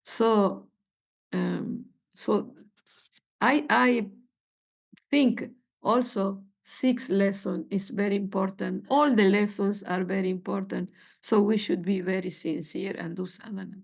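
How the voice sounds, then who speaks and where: A woman giving a meditation lesson, halting and searching for words with many fillers. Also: mid-range voice, steady tone, creaky. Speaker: spiritual teacher. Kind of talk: meditation teaching talk. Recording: dull lo-fi recording.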